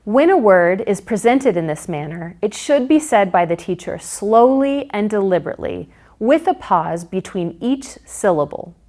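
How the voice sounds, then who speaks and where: A woman reading a scripted teaching guide and pronouncing each syllable slowly and clearly. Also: mid-range voice, animated, a little mellow. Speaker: curriculum narrator. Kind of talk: scripted instructional narration.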